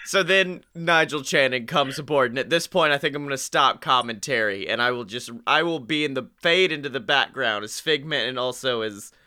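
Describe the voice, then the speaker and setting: A man's voice: mid-range voice, fairly quick, few pauses, pushed and bright, clear, resonant tone. A tired young man co-hosting a podcast, rambling and jokey with casual swearing. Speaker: podcast co-host. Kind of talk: casual chat.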